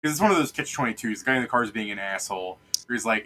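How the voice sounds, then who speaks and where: A man's voice: lowish voice, animated, very fast, hardly any pauses, sharp tone, poor audio. A man chatting casually with friends during a tabletop game, telling a rambling story and swearing freely. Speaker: player and streamer.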